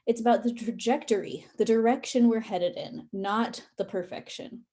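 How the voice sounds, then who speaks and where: A woman leading a guided session for releasing perfectionism, speaking in a calm and instructive way, with tapping and breathing directions. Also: mid-range voice. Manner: calm, instructive, with some fillers.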